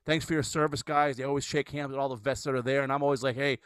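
A man's voice: mid-range voice, fairly even intonation, quick pace, a bit bright, clean tone, no echo. A man hosting a casual podcast chat, telling a rambling story with lots of restarts and fillers. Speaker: podcast host.

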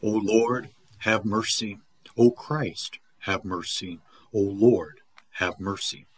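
Low, husky man praying slowly. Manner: slow, solemn chanted responses. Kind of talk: liturgical prayer.

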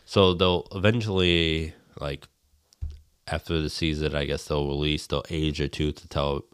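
Man, low voice, dry close sound, casual profane storyteller. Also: little pitch movement, measured pace, smooth, dry recording. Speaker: guest telling a hunting story. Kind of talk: casual chat.

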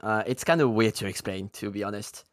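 A man's voice: fairly low pitch, a little fast, dry recording, clean studio sound. A man from Europe chatting casually on a podcast, hesitant, with many fillers and restarts. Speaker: podcast co-host. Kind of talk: casual chat.

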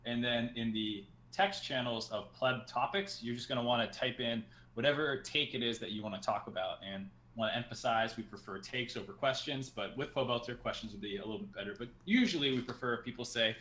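A man working as a stream producer, explaining slowly how to call in, with dry teasing asides. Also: medium pitch, sharp tone. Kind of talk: giving caller instructions. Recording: roomy echo.

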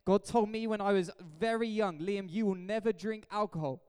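A man's voice: high voice, moderate pace, a little mellow, clean tone. A man, a pastor preaching an emphatic, jokey sermon in a church hall. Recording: echoey hall reverb.

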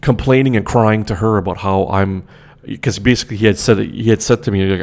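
A young man tells a personal story as an indignant, profane rant. He circles back and repeats his points. His voice sits low with a rough, gravelly fry. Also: fast talker, darkish tone.

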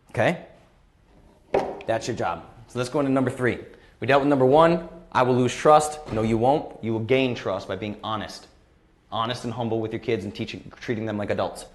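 A man in his thirties hosting a live question-and-answer stream, talking bluntly and passionately and repeating phrases for emphasis. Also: medium pitch. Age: 30s. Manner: impassioned, emphatic, gets worked up. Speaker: host of a live Q&A. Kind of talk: live-stream motivational talk.

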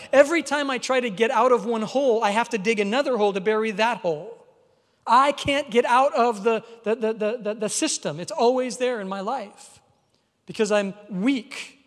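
Male pastor, high voice, emphatic conversational sermon, long hall reverb. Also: normal speed, fairly bright tone.

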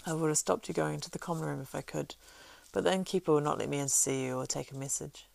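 A woman's voice: low voice, fairly even intonation, quick pace, gravelly, darkish tone, no echo. Strider, a woman reading a wary ranger. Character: weathered male ranger, cool and guarded.

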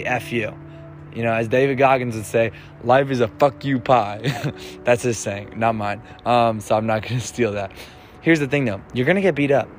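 A man's voice: medium pitch, fairly bright tone. A man hosting a motivational self-help podcast, talking in a casual, playful coaching way. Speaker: podcast host.

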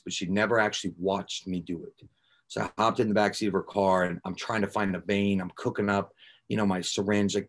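A man guest on a podcast, telling his own recovery story candidly, blunt and raw with casual swearing and filler words. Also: deep voice.

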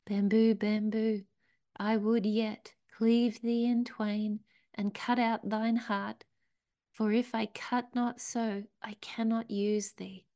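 A woman voicing the stern but loving master of a garden, who speaks gravely in archaic words, partly in a whisper. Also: fairly high pitch, flat delivery, slow, warm tone.

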